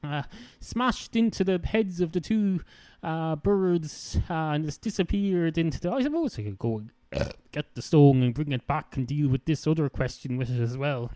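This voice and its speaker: A man's voice: a little high, expressive, moderate pace, dark tone, no room sound. A man hosting a solo podcast, rambling through listener mail in a meandering, sweary, self-mocking way full of "uh" fillers. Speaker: podcast host.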